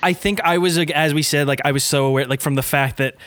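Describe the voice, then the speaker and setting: A man in casual chat about a film, relaxed and chiming in with short agreements. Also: on the high side, quick pace, dry recording, studio quality.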